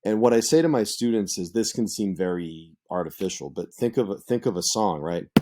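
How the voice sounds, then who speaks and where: A man's voice: lowish voice, lively intonation, brisk, noisy background. A man teaching a literature lesson in a conversational, explanatory way, with frequent fillers and asides. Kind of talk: explanatory lecture.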